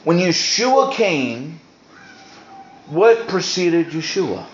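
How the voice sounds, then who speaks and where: A man's voice: fairly high pitch, very animated, extremely slow, slight background noise. A man preaching a sermon in an emphatic, repetitive way with sudden speed-ups. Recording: roomy, dull lo-fi sound.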